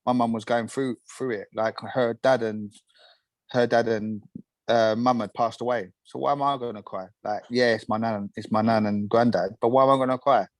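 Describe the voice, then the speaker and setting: A man's voice: mid-range voice, fairly even intonation, no echo, rough recording. Open-hearted young man, dry sound. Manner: open, halting, repeats himself. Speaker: guest. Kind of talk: casual interview chat.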